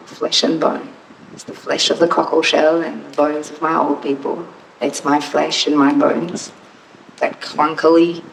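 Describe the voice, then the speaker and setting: A woman's voice: deep voice, creaky. A woman telling a heartfelt, reflective personal story at a camp gathering, describing her land in vivid detail before singing. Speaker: storyteller and singer. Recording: distant mic with faint background noise.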